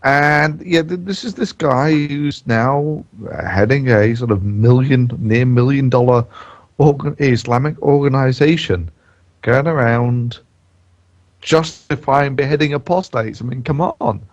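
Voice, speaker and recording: A man's voice: medium pitch, a little slow. Man, podcast co-host, hesitant, incredulous, casual chat, dull lo-fi recording. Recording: dull lo-fi audio.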